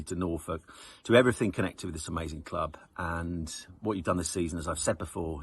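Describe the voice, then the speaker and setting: Deep husky man giving praise. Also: no echo. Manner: warm, praising, measured. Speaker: well-wisher in a recorded video message. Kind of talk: heartfelt recorded message.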